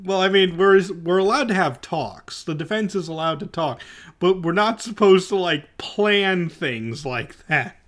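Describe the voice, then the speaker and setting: Man, let's-play host, teasing, laughing, slightly high voice. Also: animated, a little slow, a bit bright. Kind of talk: casual let's-play chat. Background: game music.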